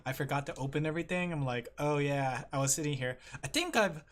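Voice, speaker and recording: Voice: mid-range voice, fast talker. A streamer chatting casually with viewers while drawing, rambling, laughing often and talking straight to the chat. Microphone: streaming microphone with headphones. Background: faint music.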